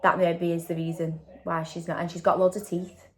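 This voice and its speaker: A woman's voice: fairly low pitch, little pitch movement, brisk, a crowd in the background. A woman, chatting casually in a vlog and tagging questions onto her sentences. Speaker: vlogger. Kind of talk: casual chat.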